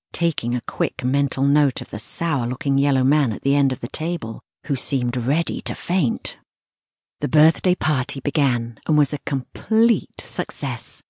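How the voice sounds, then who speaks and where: Low, husky woman narrating a storybook. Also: a little mellow, no room sound, clean studio sound. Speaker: audiobook narrator. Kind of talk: scripted children's audiobook narration.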